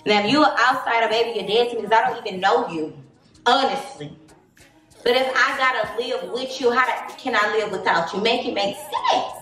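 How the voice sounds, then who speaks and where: Southern woman in her late 20s talking straight to the camera, blunt and preachy, kinda high voice, echoey room, mic far off. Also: moderate pace, fairly bright tone. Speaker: vlogger. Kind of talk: casual monologue to camera. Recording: very echoey room, distant mic, faint noise.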